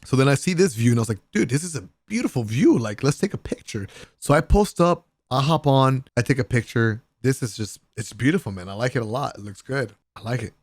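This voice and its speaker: A young man casually telling the story of a trip in a vlog voice-over, excitable and full of slang, sometimes breaking into laughs. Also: a little fast, no room sound, studio quality. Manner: animated, laughing, swearing, mimics friends in raised pitch. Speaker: vlogger.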